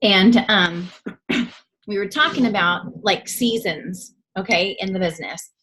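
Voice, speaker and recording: A woman's voice: mid-range voice, unhurried, fairly bright tone, slight background noise. A woman in her thirties giving a motivational talk to her team as its leader. She coaches earnestly and acts out the voices she quotes.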